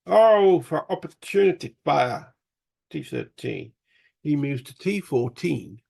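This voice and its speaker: A man's voice: medium pitch, lively intonation, takes it slowly, creaky, a little mellow, breathy edge. A man playing a solo board game, muttering rule passages aloud and thinking through each move. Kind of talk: casual solo wargame playthrough.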